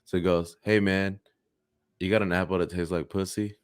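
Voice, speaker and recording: A man's voice: low voice, level tone, normal speed, smooth, no room sound, studio quality. A man co-hosting a comedy podcast, casually chatting and telling a crude bar joke with swearing and acted-out voices. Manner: storytelling, swearing, acts out voices in jokes. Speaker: podcast co-host.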